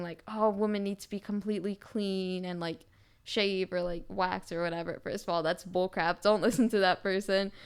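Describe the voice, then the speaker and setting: A teenage girl hosting her own podcast, ranting to her viewers in a casual, animated way and filling her talk with "like". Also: mid-range voice, clean tone. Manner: animated, heavy use of "like" fillers. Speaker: podcast host.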